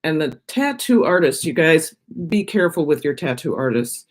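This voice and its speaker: A woman's voice: sits low, sing-song, normal speed. A middle-aged woman chatting casually on her own live stream, rambling from one thought to the next while she eats. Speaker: vlogger on her own channel.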